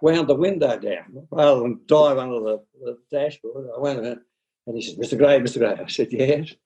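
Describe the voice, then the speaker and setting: Husky older man telling a story. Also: mid-range voice, warm tone, dull audio. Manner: halting, with many restarts and fillers. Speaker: interviewee, former cricket administrator. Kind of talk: anecdotal storytelling in interview.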